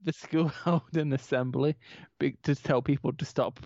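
A man's voice: medium pitch, fairly even intonation, normal speed, a little mellow, no echo. A young Scottish man co-hosting a casual podcast, defensive and self-mocking, laughing often. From Scotland. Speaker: podcast co-host. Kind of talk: casual chat. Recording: dry, slightly dull mic.

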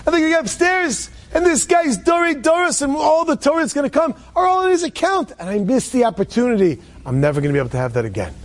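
A man telling an inspirational story in a conversational way, restarting sentences often and dropping in Hebrew and Yiddish words. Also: high-pitched.

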